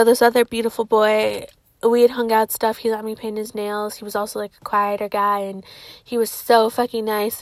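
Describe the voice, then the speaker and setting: A woman's voice: a little high, no room sound. A young woman vlogging, rambling through a confessional story with plenty of swearing and "like". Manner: rambling, profane, heavy use of "like".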